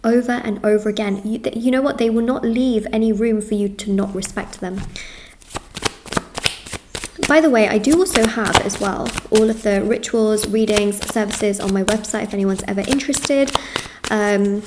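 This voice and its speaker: A tarot reader with a mid-range voice speaks to her viewers over a noisy background. Her manner is earnest and reassuring, with frequent repetition and quick runs of listed items.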